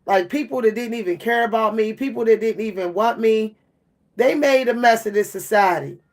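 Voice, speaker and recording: Weary woman venting with a gravelly fry. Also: on the high side, moderate pace, a little mellow. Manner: weary, repetitive, stumbling over words. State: worn out. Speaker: vlogger. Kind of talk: emotional venting monologue.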